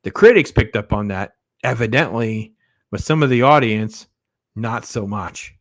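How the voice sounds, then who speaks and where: A man's voice: lowish voice, unhurried, no room sound. A man giving a casual, blunt spoiler review of a film, rambling and sarcastic as he recounts the plot. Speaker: movie reviewer.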